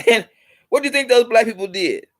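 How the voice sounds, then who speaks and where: A man's voice: very high-pitched, expressive, a little fast, a bit bright, dry recording. A man hosting a vlog who talks in a preachy, repetitive way, driving points home with allegorical stories. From United States. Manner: preachy, repeats points for emphasis. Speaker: channel host. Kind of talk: motivational vlog talk.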